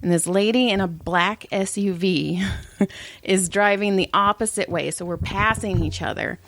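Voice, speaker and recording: Medium in pitch and a bit bright, this woman's voice keeps a measured pace. She's a middle-aged podcast co-host chatting casually, bluntly recounting profane family anecdotes and acting out the quotes.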